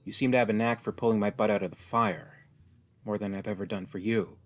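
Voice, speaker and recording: A man's voice: fairly low pitch, steady tone, a little fast, close to an everyday voice. Hopeful Kryptonian hero, earnest and encouraging, voiced by a male storyteller.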